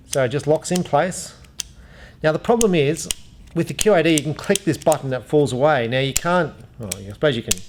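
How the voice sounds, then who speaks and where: With a fairly high-pitched voice and slight background noise, an archery shop owner casually demonstrates an arrow rest. He reviews the gear as a chatty storyteller, rambling through tales of his customers.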